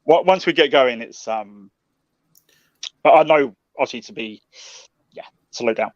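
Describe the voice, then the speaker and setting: A man's voice: medium pitch, a little slow, no echo. London guy telling stories and laughing, kinda muffled lo-fi sound, dry. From South London, England. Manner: chatty storyteller, laughs often, swears casually. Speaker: guest Londoner advising traveling fans. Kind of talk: casual chat.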